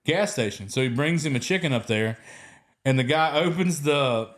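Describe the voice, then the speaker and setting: A man's voice: mid-range voice, normal speed, a bit bright. A man hosting a podcast, telling rambling stories in casual chat and laughing through them. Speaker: podcast host.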